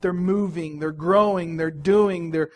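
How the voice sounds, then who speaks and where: High-voiced man preaching a sermon. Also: measured pace. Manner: storytelling, lively swings between loud emphasis and soft, low asides.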